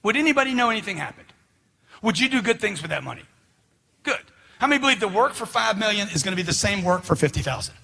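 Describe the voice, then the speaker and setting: A middle-aged man giving a forceful, preachy motivational seminar talk, firing questions at the crowd. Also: sits high, very animated, quick pace, creaky. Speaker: motivational speaker.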